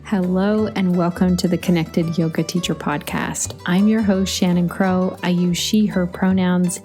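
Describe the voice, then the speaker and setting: A woman's voice: fairly low pitch, fairly even intonation, a little slow, a little mellow, soft background music. A middle-aged woman hosting a solo podcast, chatty and storytelling, laughing easily. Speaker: podcast host.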